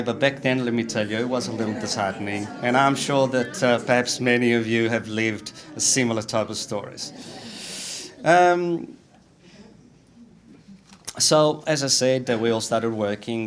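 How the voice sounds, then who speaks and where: A man, telling anecdotes as a guest speaker, with many fillers. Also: lowish voice. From Italy. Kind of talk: storytelling talk.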